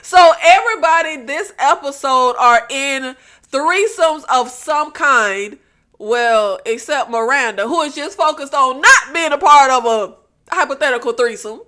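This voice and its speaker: Woman, high voice, bright, animated TV recap, laughs a lot. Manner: animated, laughs often, acts out quotes. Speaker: recap vlogger. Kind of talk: casual TV recap commentary.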